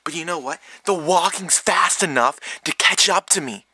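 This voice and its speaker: Young male vlogger, very bright voice, rambling comic storyteller who makes his own sound effects. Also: fairly high pitch, normal speed, husky, dry recording. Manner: rambling, animated, full of mouth sound effects.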